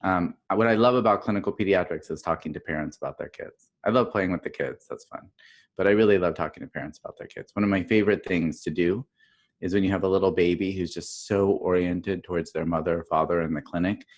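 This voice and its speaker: A middle-aged man with a notably low, deep voice speaks over a video call microphone. He talks in a loose, chatty way, drifting into anecdotes and restarting his sentences as he goes. The tone is an informal conference talk given by a doctor. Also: quick pace. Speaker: public health dean and pediatrician. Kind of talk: casual virtual conference talk.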